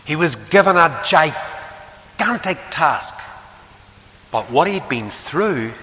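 Northern Irish preacher, bright echoing voice. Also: male voice, fairly high pitch, sing-song, slow. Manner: storytelling, shifting emphasis. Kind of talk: sermon. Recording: echoey hall with faint hiss.

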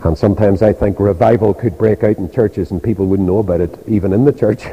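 A man's voice: fairly low pitch, fast talker, warm tone, a little hiss or hum. An older man with a Northern Irish accent preaching a sermon, telling stories animatedly and acting out the voices of the people in them. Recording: dull reverberant church hall.

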